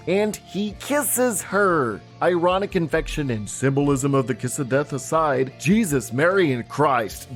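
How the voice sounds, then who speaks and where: A man narrating a scripted commentary video essay in a sarcastic, exasperated way. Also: on the high side.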